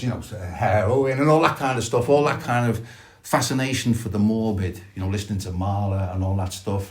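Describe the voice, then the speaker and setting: A middle-aged man, sharing reflectively and haltingly at a recovery meeting, with many restarts. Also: on the low side. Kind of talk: personal sharing at a support meeting.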